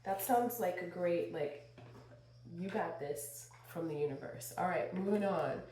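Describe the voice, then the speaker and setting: This tarot reader speaks in a lowish voice at a measured pace, chatty and expressive, breaking into laughter and bits of song. She's losing her voice and clears her throat often. The home recording is quiet and roomy, with a little background noise.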